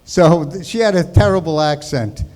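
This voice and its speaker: Older new york guy doing a stand-up set, high voice, jokey and chatty. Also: moderate pace, a little mellow. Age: 60s. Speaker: comedian.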